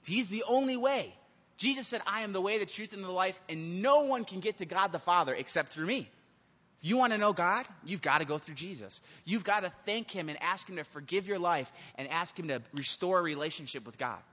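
Animated preacher in a reverberant hall. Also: male voice, high voice. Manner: animated, acts out voices of characters in his stories. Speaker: pastor. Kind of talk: sermon. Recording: long hall reverb, dull lo-fi sound.

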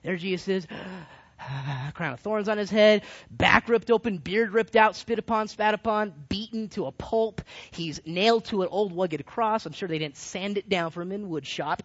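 A man preaching a sermon to a group, his delivery animated and swinging between loud and hushed. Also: sits high, moderate pace. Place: California. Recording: dull lo-fi recording.

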